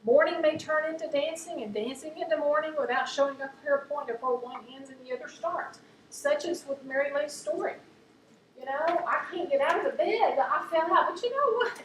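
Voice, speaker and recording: A woman's voice: high voice, expressive, normal speed. Woman giving a heartfelt talk, earnest storytelling, echoey room, a bit of background hiss. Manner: warm storytelling, earnest, laughs at funny stories. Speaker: speaker at a talk on chronic illness. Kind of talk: faith-based presentation to a group. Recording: echoey room, mic at a distance, faint background noise.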